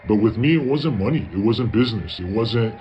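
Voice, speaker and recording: Male storyteller, casual and profane, keeps quoting himself; slightly low voice, muffled lo-fi recording with light hiss. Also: lively intonation, fairly quick. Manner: profane, tells stories with lots of "I was like" quoting. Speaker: guest telling his story. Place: parents' garage. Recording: dull lo-fi audio with faint background noise.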